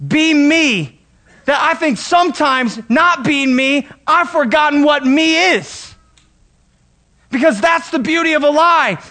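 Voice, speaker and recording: A man preaching a sermon as a pastor, animated and emphatic, sometimes acting out the voices he quotes. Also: very high-pitched.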